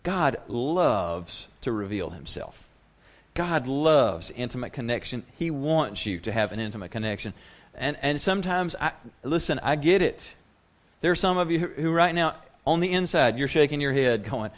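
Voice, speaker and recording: A man's voice: a little high, animated, moderate pace, a bit bright. Conversational man preaching a sermon. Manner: conversational, acts out quoted voices. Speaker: pastor.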